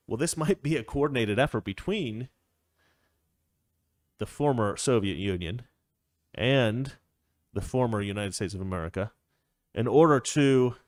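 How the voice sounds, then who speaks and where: A man's voice: mid-range voice, dry recording, clean studio sound. A man hosting a casual political commentary show, opinionated and rambling, chuckling often as he talks. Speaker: show host.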